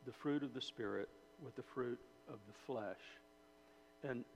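Gravelly-voiced man preaching in a hall. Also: mid-range voice, moderate pace, a little mellow. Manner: conversational, asks the audience, repeats words and restarts. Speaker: preacher or Bible teacher. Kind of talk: sermon. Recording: dull hall recording with faint hum.

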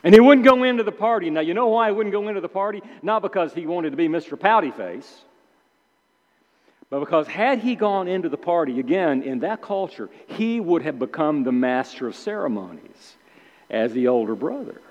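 A man preaching a sermon in an animated way, acting out the characters' complaints with sudden emphatic outbursts. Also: high voice, moderate pace. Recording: dull sound with long hall reverb.

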